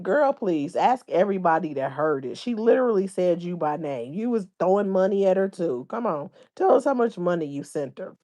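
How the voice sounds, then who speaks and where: A woman's voice: on the low side, expressive, moderate pace, hardly any pauses, darkish tone. A woman hosting a livestream, chatting casually and reading viewer comments aloud in informal slang. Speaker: livestream host.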